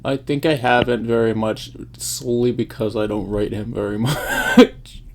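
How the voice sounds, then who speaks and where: A man's voice: mid-range voice, steady tone, a little slow, a crowd in the background. A man chatting casually about writing fan fiction, laughing as he talks. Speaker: fanfic community member. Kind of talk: casual chat.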